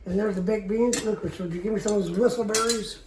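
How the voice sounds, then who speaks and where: A woman's voice: mid-range voice, fairly even intonation, a little fast. Folksy middle-aged woman, distant mic. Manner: folksy, chatty, repeats herself. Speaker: backyard barbecue cook and host. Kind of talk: casual cooking demonstration. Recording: roomy, distant camera mic, faint background noise.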